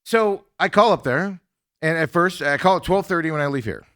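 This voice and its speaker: A man's voice: a little high, a little fast, no room sound, clean studio sound. A male talk show host in casual conversation, telling a story and acting out other people's lines as he goes. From Arizona, US. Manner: animated, acts out other people's lines in quotes.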